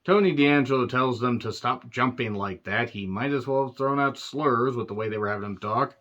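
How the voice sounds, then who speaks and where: A man's voice: mid-range voice, normal speed, a bit bright, lo-fi sound. A man reviewing a wrestling show in a sarcastic, profane, exasperated rant.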